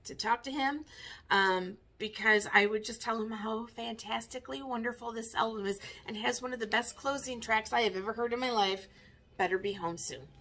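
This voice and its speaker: Bright, wry woman in her fifties. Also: on the high side, moderate pace. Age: 50s. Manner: chatty, wry and self-mocking. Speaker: record collector. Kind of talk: casual vinyl tag video.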